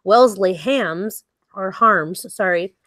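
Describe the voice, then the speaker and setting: A woman's voice: medium pitch, slow pace, fairly bright tone, dry recording. A woman co-hosting a podcast, reading out news stories and laughing often in casual chat. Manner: giggly, reads stories aloud with laughs.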